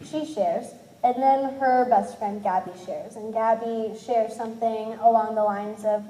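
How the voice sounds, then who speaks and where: A woman in her twenties tells a personal story in a candid, self-deprecating way, slipping into the voices of the people she describes. Her voice sits a bit high and sounds mellow rather than bright. It is recorded in an echoey room. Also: fairly even intonation, a little slow, hardly any pauses, slight background noise. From Cincinnati, USA. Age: 20s. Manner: candid, self-deprecating, acts out others' lines. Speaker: speaker sharing her testimony.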